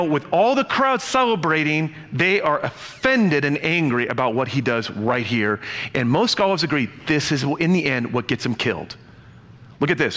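A man preaching a sermon, lively and playful, acting out the voices in his stories. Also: on the high side. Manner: animated, playful, acts out quotes. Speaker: pastor. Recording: long hall reverb.

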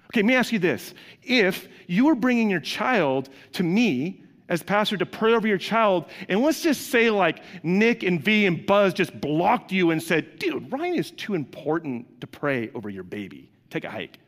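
In an echoing hall, a high-voiced male pastor gives a conversational sermon, acting out quoted voices and asking the congregation questions.

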